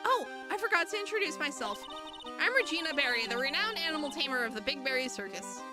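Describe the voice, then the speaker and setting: A woman's voice: sits high, lively intonation, quick pace, over music. Woman doing a breezy, flirty circus tamer. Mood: sweet.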